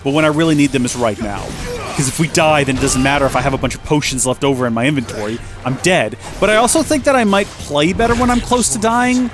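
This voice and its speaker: A man's voice: fairly high pitch, fast talker, over music. A man chatting and joking as a let's play host, rambling as he plays. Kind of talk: gameplay commentary.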